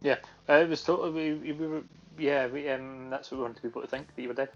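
A man with a Glasgow Scottish accent co-hosting a podcast, a bit tipsy, talking quickly and excitably and stumbling over his words. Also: mid-range voice, faint music behind. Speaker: podcast co-host. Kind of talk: casual chat. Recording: muffled lo-fi podcast audio.

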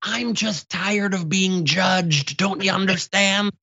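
A worn-out 1970s news anchor, whining and ranting, as a man puts him on. The voice is high and bright and climbs to shouts. Dull, lo-fi audio. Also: slow pace, slightly rough, exaggerated voice. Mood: exasperated. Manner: exasperated, whiny.

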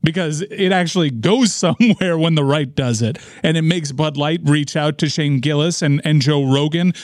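A man's voice: fairly high pitch, moderate pace, no room sound. A man co-hosting a talk radio show, giving sardonic, pointed commentary in casual banter.

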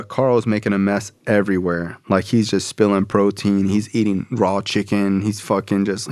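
A man's voice: lowish voice, a little mellow, no room sound, clean studio sound. A man telling a story casually, loose and profane, full of slang fillers.

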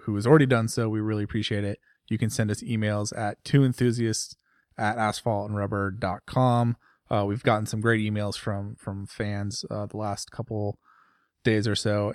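A man with a somewhat low voice co-hosts a podcast, talking in a loose, rambling way and filling his thoughts with "you know" and "like." The sound is dry and close, with no room around it. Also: a little mellow, dry recording. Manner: rambling, chatty, laughs often. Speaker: podcast co-host. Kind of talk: casual chat.

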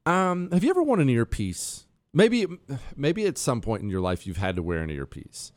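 A man hosting a talk radio show, joking about himself in an animated, self-mocking way. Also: mid-range voice, brisk. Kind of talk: casual talk radio monologue. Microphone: studio headphones.

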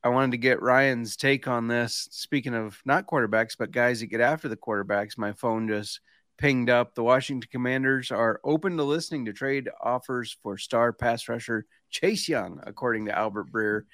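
A man's voice: medium pitch, fairly even intonation, normal speed, fairly bright tone, no echo, clean studio sound. Stuffy-nosed man co-hosting a podcast. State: stuffy from allergies. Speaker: podcast co-host. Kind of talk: casual sports betting chat.

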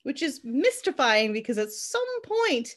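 A woman's voice: high voice, measured pace. Sarcastic woman reviewing a film. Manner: sarcastic, animated, quotes scenes in mocking voices. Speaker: podcast co-host reviewing a film. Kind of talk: casual chat.

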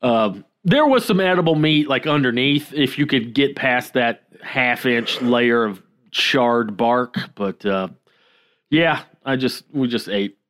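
An easygoing man chats on a podcast. He tells a story at a relaxed pace with lots of "uh" pauses and little self-deprecating chuckles. His voice is average in pitch. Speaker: podcast co-host. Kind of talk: casual chat.

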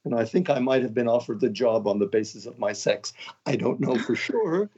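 An older man from Canada, a guest author, answering interview questions in a relaxed, conversational way with wry, self-deprecating jokes. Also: mid-range voice, fairly quick, breathy edge, highs cut off. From Canada (Montreal).

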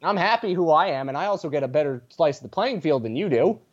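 A man's voice: fairly high pitch, animated, quick pace. A man chatting as a podcast guest, rambling through tangents with a sarcastic sense of humor. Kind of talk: casual podcast chat. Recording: dull lo-fi sound.

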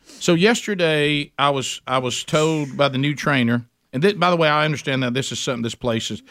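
Man, somewhat high voice, dry close sound, animated storyteller, stumbling repeats, casual chat. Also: fairly quick, dry recording. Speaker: storyteller guest.

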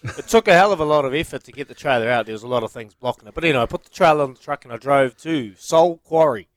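A man's voice: medium pitch, expressive, rapid-fire, no room sound. A man co-hosting a radio show, telling a rambling, self-proud story in casual banter. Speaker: radio co-host.

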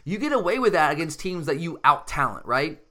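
A man's voice: a little high, sing-song, fairly quick, pushed and bright. A man hosting a casual sports talk show, talking animatedly and emphatically, often restarting his sentences. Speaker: sports podcast host.

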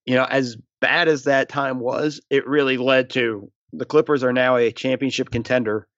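A man's voice: mid-range voice, steady tone, normal speed, fairly bright tone, dry recording, dull audio. A man, a former team staffer, talking as a guest in a casual interview, rambling with fillers. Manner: rambling, many fillers and restarts.

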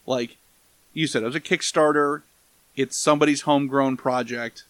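A man's voice: medium pitch, fairly even intonation, normal speed, fairly bright tone, dry recording. A man in casual podcast chat reviewing a movie, rambling and profane, breaking into goofy impressions. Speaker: podcast co-host.

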